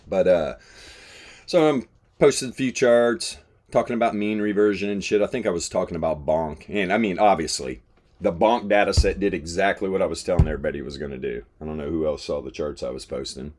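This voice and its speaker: Deep and a little mellow, this man speaks slightly fast. He hosts a live trading stream where he chats casually about charts in a laid-back way, swearing and laughing through his stories.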